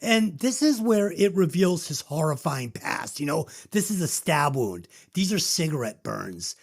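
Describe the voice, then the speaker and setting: Podcast co-host, casual movie chat, animated pitch, emotional, choked up, swears a lot. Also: measured pace, gravelly.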